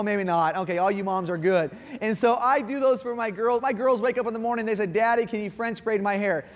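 A man in his forties preaches in a church, his voice notably high for a man and carried by a long, ringing reverb. He talks in a folksy, playful way, joking with the congregation. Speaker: guest pastor. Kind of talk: sermon. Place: church sanctuary.

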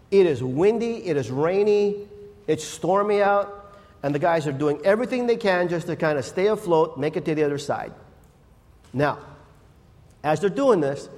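A man preaching a sermon, telling Bible stories in a lively, conversational way and acting out the people in them. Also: fairly high pitch. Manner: animated storyteller acting out Bible scenes. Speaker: pastor. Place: church. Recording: reverberant church hall.

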